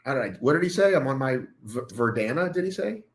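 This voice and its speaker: A man's voice: medium pitch, expressive, fast, poor audio. A man hosting a live online show, joking around and swearing freely in casual chat.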